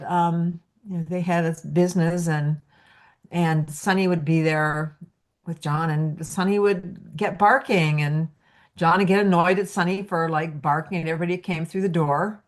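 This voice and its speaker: A woman teaching energy healing, telling casual stories full of fillers and restarts, acting out quotes in a lifted voice. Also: on the low side. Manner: rambling, filler-heavy, acts out quotes in a lifted voice. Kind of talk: casual storytelling lecture.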